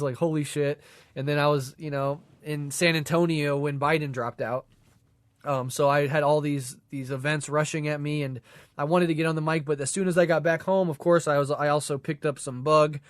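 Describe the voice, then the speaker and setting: A man's voice: on the high side, steady tone, brisk, no echo. A man co-hosting a podcast in a casual political discussion, congested from a cold, talking in a loose, rambling way with many fillers. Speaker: podcast co-host.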